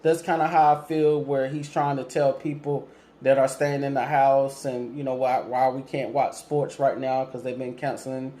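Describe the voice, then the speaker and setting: A man's voice: medium pitch, little pitch movement, moderate pace, warm tone. A man hosting a casual call-in talk show, speaking to listeners and callers directly with lots of ums, polite but firm. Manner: laid-back, lots of ums, asks listeners questions. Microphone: streaming setup with cameras.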